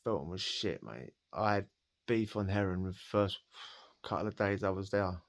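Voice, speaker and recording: A man's voice: low-pitched, normal speed. A man from Essex with an Essex accent telling a story casually, full of slang, swearing and laughter. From Essex, England. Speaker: podcast storyteller.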